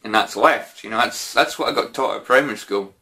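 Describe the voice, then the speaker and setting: A man's voice: mid-range voice, a little fast, pushed and bright. A man answering viewer questions in a casual, rambling way, with lots of fillers and mild swearing. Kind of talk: casual Q&A chat.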